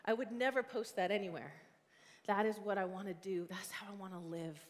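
A woman in her forties gives a sermon in an earnest, conversational way, thinking aloud with frequent fillers. Her voice sits at an ordinary pitch for a woman. It rings out with a long reverb, as in a large church hall. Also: fairly quick. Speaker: guest preacher and youth ministry leader. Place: church sanctuary.

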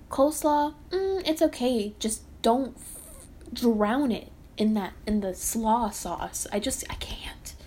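Rambling young woman, slightly high. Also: a little hiss or hum. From Texas. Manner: rambling and animated, with sighs and self-interruptions. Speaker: podcast host. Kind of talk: casual rant.

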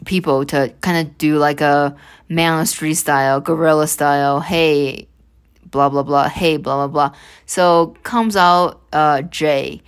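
A young woman hosting her own podcast, telling a story in a rambling, animated way with many restarts and asides. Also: deep voice, clean tone. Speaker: podcast host. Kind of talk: casual storytelling monologue.

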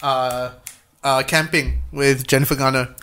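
A man co-hosting a podcast in casual chat, enthusiastic and swearing when excited. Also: mid-range voice, measured pace, clear, resonant tone. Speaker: podcast co-host.

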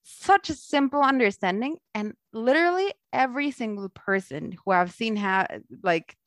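A young woman telling a long personal story in casual conversation, animated and laughing often, acting out the people she quotes. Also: a little high, normal speed, dry recording.

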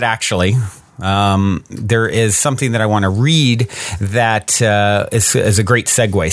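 A man hosting a casual solo podcast, talking in a relaxed, musing way with plenty of ums and uhs. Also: lowish voice, no echo. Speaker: podcast host.

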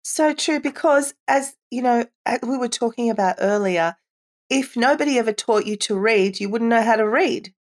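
A middle-aged woman speaking as a parenting expert guest, explaining warmly in a conversational interview, with frequent "you know" and light laughs. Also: fairly high pitch, moderate pace.

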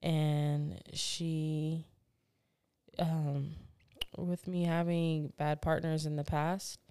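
A woman's voice: sits low, flat delivery, extremely slow, dark tone, clean tone, no echo. A woman co-hosting a casual podcast, telling stories in a candid, profane, laughing way. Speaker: podcast co-host. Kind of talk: casual chat.

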